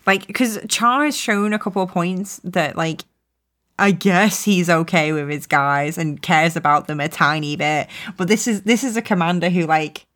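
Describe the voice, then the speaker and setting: Easygoing woman with a low voice. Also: normal speed, a bit bright. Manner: easygoing, laughs often, uses filler "like". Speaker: podcast co-host. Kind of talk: casual chat about an anime.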